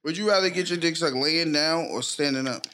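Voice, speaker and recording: A man's voice: fairly high pitch, fairly quick, bright, forceful tone, slight background noise. A man co-hosting a podcast, asking provocative questions and teasing. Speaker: podcast co-host. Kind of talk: casual crude chat.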